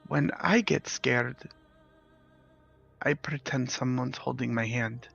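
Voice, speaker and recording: A man voicing a small gentle young girl who softly and hesitantly comforts a friend. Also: mid-range voice, steady tone, slow, vocal fry, breathy edge, exaggerated voice. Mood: tender. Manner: soft, hesitant and tender. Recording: slightly dull, lo-fi with faint music.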